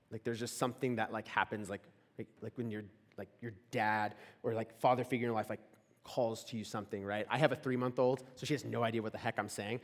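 A young man giving a casual storytelling sermon to a live audience, chatty and full of "like" fillers and questions to the room. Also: medium pitch. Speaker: campus ministry speaker. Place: large hall before a live audience. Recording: echoey hall.

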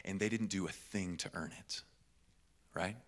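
A young man in his twenties preaching a sermon to college students, animated, laughing often and repeating words for emphasis. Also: sits low, moderate pace. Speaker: pastor.

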